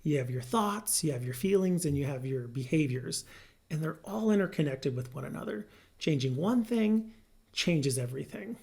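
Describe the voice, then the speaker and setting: Man, therapist, educational explainer, animated pitch, good-humored. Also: moderate pace, gravelly. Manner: lively, good-humored, laughs through personal example. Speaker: licensed marriage and family therapist.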